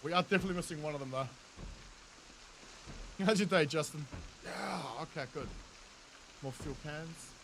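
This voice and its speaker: A man's voice: on the high side, normal speed, pauses often, fairly bright tone, slight background noise. A man in his thirties with a New Zealand accent, chatting with viewers in casual, jokey gameplay commentary, laughing often and swearing freely. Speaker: game streamer.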